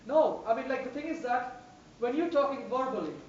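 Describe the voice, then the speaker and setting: A woman's voice: sits high, lively intonation, a little fast, a little mellow, slight background noise. A woman trainer teaching a class, stressing words emphatically and repeating phrases to make her point. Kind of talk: classroom instruction. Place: large echoey classroom. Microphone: distant room microphone. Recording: echoey, distant, dull room recording.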